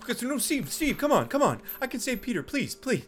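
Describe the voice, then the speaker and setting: Man, sketch comic, panicky and overwrought, swooping pitch. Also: sing-song, fast, faint music behind. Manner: melodramatic, panicky, shrieking. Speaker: comedy sketch performer. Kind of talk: improvised comedy sketch.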